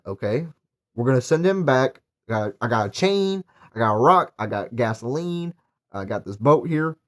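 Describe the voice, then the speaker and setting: A young man recapping and reviewing a horror movie in a casual, rambling way, with lots of fillers and eager praise. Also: medium pitch. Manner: rambling, filler-heavy, enthusiastic.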